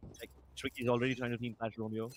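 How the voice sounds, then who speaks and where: A young man calling a live esports match, measured play-by-play with playful asides. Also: medium pitch, little pitch movement, background noise. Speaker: esports caster.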